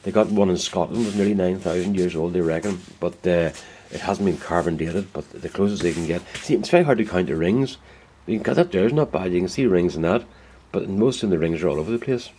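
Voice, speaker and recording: A deep-voiced man talks casually in his woodworking shed. He rambles in a folksy, easygoing way and often corrects himself mid-sentence. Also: brisk, few pauses, dark tone, a little hiss or hum. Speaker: woodturner. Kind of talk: casual workshop vlog.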